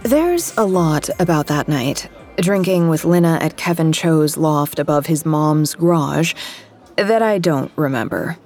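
A young woman reads a first-person story with wry, conversational ease. Her voice is low and breathy-husky, and her telling stays relaxed and dry. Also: measured pace, soft background music. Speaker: narrator. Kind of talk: scripted fiction narration.

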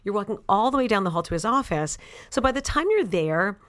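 A woman in an interview, an actress telling a personal anecdote in a casual, animated way, full of "like" and "you know". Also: medium pitch, brisk. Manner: animated and chatty, many "like" and "you know" fillers. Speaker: actress and author, interview guest.

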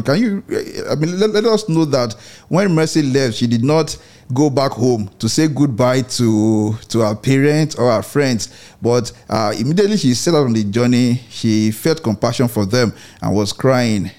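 A man's voice: mid-range voice, darkish tone. A man leading an online Christian reading group, talking reflectively with many fillers and restarts. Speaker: book club leader. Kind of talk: online Bible study discussion.

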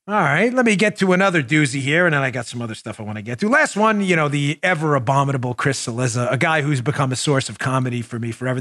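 A man's voice: on the high side, fairly bright tone, no room sound, studio quality. A middle-aged man hosting a political commentary podcast, talking in a sarcastic, mocking and emphatic way. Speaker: podcast host, former police officer.

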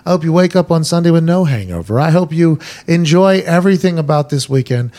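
A man's voice: on the high side, fairly quick. A man hosting a sports talk show in casual, joking chat. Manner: joking, animated, hamming it up.

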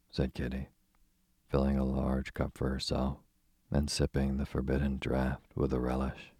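A man reads an old-fashioned children's story in an extremely deep voice with a husky grain. His delivery is steady and almost monotone. The recording is dry and close. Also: moderate pace, no echo. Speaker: audiobook narrator. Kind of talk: storybook narration.

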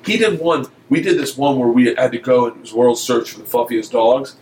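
A man's voice: mid-range voice, a little fast, echoey room, a little hiss or hum, low-quality recording. A man telling a long comic story in casual chat, swearing often and acting out the voices of everyone in it. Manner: profane, animated, acts out every voice in the story. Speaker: comedian telling a story as podcast guest.

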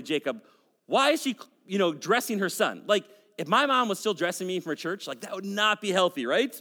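A man's voice: on the high side, fairly bright tone, big-room sound. A man in his forties preaching a sermon, reading scripture with casual, joking asides. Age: 40s. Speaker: pastor.

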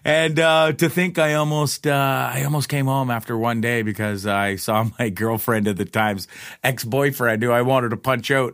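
A man's voice: mid-range voice, steady tone, normal speed, a bit bright. A man telling rambling personal stories in a casual, profane way, laughing often. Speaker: storyteller.

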